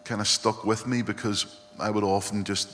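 A man's voice: on the low side, level tone, normal speed, fairly bright tone. A male pastor giving an earnest, reflective sermon and often quoting scripture. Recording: long hall reverb, faint hum.

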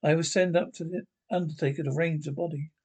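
An arrogant country doctor pronounces a death in a brisk, clinical way in this storybook reading, read by a man. The voice is husky and a touch high. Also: fairly even intonation, a little mellow. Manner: matter-of-fact, clinical. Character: arrogant, brisk middle-aged male doctor.

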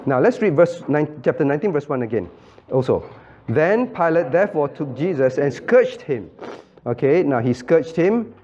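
A man's voice: on the high side, very animated, normal speed, darkish tone, a little hiss or hum. Questioning male pastor, lo-fi recording. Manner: questioning, calls on listeners by name, emphatic. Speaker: pastor leading a Bible study. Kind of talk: interactive Bible study teaching. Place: church room.

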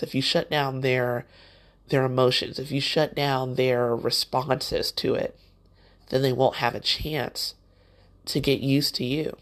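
A woman hosting a motivational podcast, talking straight to the listener in a conversational, encouraging way. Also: very deep voice. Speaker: podcast host.

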